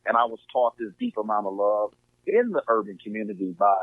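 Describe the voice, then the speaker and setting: A man's voice: lowish voice, huge pitch swings, a little fast, vocal fry, dry recording. A man from Southern California, a podcast guest, talking earnestly and casually with lots of fillers. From Inglewood, California. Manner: earnest, heartfelt, filler-heavy. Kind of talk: casual conversation. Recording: tinny phone-like line, dry.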